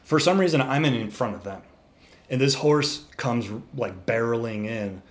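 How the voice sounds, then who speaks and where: A man's voice: mid-range voice, normal speed. Man telling a wild story casually. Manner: animated, swearing, acting out animals. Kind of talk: casual podcast chat.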